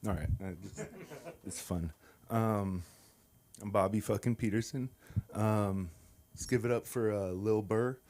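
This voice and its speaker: A man doing an open-mic stand-up set in a hesitant, halting way with frequent fillers. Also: fairly low pitch, darkish tone, a little hiss or hum. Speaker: stand-up comic. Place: comedy club stage.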